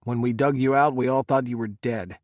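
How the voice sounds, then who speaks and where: A man voicing an exhausted male Secret Service agent, speaking low, measured and somber. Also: steady tone, darkish tone, no room sound, studio quality, close to an everyday voice. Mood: grim.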